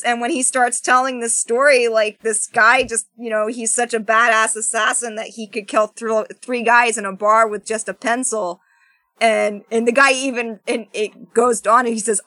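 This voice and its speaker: A woman in casual movie discussion on a podcast, animated and acting out lines from the film. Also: fairly high pitch, no echo. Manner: animated, acts out film dialogue.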